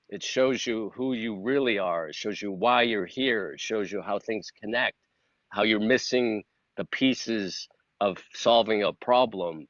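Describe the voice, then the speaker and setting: Middle-aged male guest, slightly low voice, animated storyteller who acts out dialogue, dull dry audio. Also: dry recording. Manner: earnest, gets emotional. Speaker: podcast guest, cinematographer. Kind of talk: casual storytelling.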